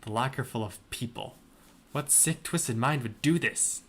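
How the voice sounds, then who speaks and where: A man's voice: mid-range voice, a little slow. Young man, host, comedic fan fiction reading, dry delivery, mid-range voice. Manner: dry, breaks into laughter and asides. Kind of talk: comedic dramatic reading with commentary.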